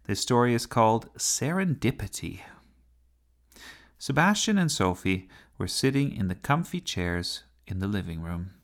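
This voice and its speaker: A man narrating a children's story with a gentle, unhurried reading style. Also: fairly low pitch, sing-song.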